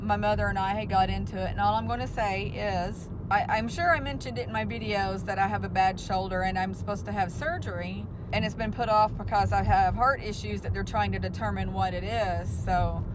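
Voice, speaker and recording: A woman speaks openly and emotionally to her viewers in a personal vlog. Her voice sits at an average pitch, and faint traffic noise hums behind her inside the car. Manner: frank, emotional storytelling. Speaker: vlogger.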